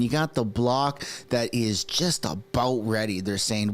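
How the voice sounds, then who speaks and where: A man whose first language is French hosts a casual political livestream, animated and profane, joking and talking straight to his chat. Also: mid-range voice, a little slow, hardly any pauses. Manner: animated, swears, jokes, talks to chat viewers. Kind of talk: casual live commentary.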